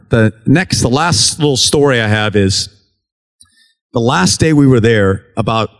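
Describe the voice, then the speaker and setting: Man, from the United States, relief worker, church mission report, earnest testimony storytelling, conversational, acts out dialogue, mid-pitched voice.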